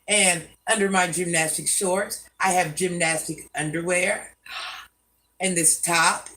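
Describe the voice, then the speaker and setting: A woman's voice: on the low side, fairly even intonation, takes it slowly, pushed and bright, distant mic, rough recording. An older woman hosting a live stream, scolding commenters by name and chatting with viewers. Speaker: livestream host.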